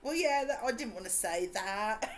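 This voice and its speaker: A woman's voice: on the high side, animated, measured pace. Bubbly english lady streamer, kind of brummie cockney mix, chatting w chat while she plays. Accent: English, mixed Suffolk, Cockney and Brummie. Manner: chatty and bubbly, greets viewers, laughs often. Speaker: game streamer. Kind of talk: casual live-stream chat.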